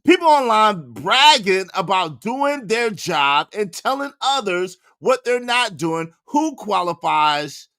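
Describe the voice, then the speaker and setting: A man hosting a livestream, chatting casually with an animated, slangy delivery and rhythmic shout-outs to the chat. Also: high-pitched, slow pace, hardly any pauses, no room sound, clean studio sound. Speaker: livestream host.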